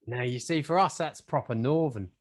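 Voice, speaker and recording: An Englishman co-hosts a podcast, chatting casually in a mid-range voice at normal speed. He rambles and jokes, often poking fun at himself.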